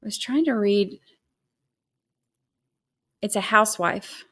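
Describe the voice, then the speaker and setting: A woman's voice: medium pitch, slow, pushed and bright, breathy edge. A woman hosting a livestream, chatting casually with sarcastic, scattered asides and thanking viewers for gifts. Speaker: livestream host.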